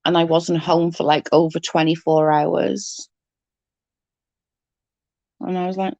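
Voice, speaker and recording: Chatty British woman, lowish voice. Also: steady tone, slow pace, vocal fry, pauses often, a little mellow, dry recording, highs cut off. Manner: chatty, rambling, answers comments. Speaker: livestreamer. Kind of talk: casual chat with viewers.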